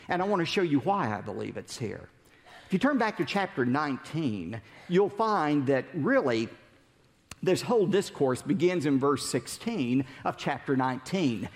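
Lively preacher in a ringing hall. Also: male voice, a little high. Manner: animated storyteller, rhetorical questions. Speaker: pastor. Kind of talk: sermon.

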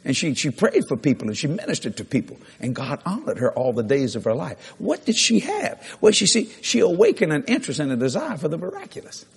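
A middle-aged man, preaching a sermon through lively, laughing anecdotes with sudden jumps in pitch. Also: a little fast, vocal fry, hardly any pauses, slightly rough. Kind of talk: storytelling sermon.

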